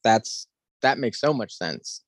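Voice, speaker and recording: A man co-hosting a podcast in casual chat, animated, sarcastic and profane. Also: mid-range voice, takes it slowly, no room sound. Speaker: podcast co-host.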